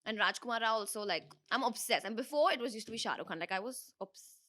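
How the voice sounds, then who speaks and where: A young woman with an Indian English accent, a guest in a casual interview, chatty and animated with a slightly hoarse throat, laughing and restarting her sentences. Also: fairly high pitch, fast. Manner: giggly, animated, full of fillers and restarts. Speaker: interview guest, dancer and creator. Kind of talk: casual rapid-fire interview chat.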